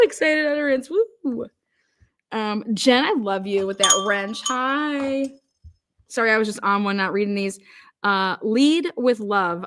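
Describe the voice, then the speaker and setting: A woman's voice: medium pitch, fairly bright tone, a little hiss or hum. A woman from Ohio hosting a live stream, ranting angrily with profanity and frequent restarts, and reading viewer comments aloud. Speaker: livestream host.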